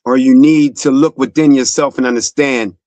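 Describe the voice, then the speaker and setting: A man's voice: medium pitch, fairly even intonation, moderate pace, dark tone, no echo. A young man hosting a sports talk show, delivering a fired-up, profane monologue that speaks straight to the player.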